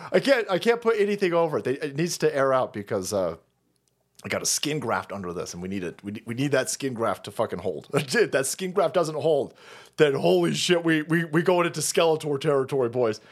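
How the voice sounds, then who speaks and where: A man ranting on a livestream, crude and mocking, whose voice leaps up and down in pitch as he flips between grumbling low and shouting high. He curses constantly and keeps dabbing at a bleeding nose. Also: animated, fairly quick. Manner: profane, mocking, loud swings into shouting. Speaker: streamer host.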